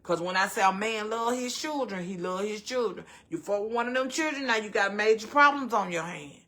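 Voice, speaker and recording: Southern lady in her middle years just talking, cusses a bit, voice real bright and forward. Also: medium pitch, brisk. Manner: blunt, profane, acts out quoted voices. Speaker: host. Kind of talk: casual storytelling chat.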